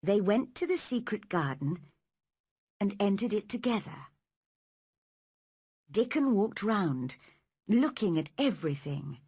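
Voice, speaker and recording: A woman reading a story aloud at a slow, careful pace for learners. Her voice rises and falls freely with a slightly husky edge, recorded close and dry. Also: mid-range voice, big pitch swings, darkish tone, no room sound. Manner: slow and clearly paced. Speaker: narrator. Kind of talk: slow scripted narration for learners.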